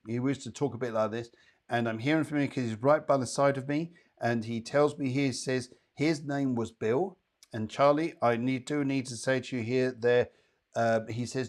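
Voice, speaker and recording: A man's voice: mid-range voice, moderate pace. A man hosting a live psychic show, giving readings in a chatty, rambling way with playful asides.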